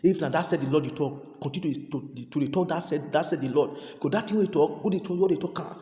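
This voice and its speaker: A man with a Nigerian accent preaching a sermon, repeating and restarting words, moving between loud exhortation and quiet asides. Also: on the high side, quick pace. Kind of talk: sermon in Pidgin. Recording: echoey hall reverb.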